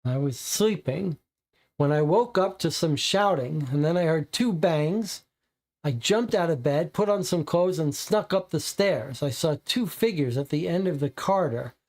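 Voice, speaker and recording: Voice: mid-range voice, lively intonation, darkish tone. A reader voicing a nervous, frightened teenage boy witness who stammers and stumbles over his words. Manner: halting, stammering.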